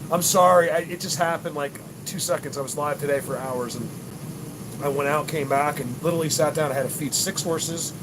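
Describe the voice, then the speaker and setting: A man hosting a live video, talking excitedly and rambling straight to his viewers. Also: fairly high pitch, noisy background. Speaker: livestream host.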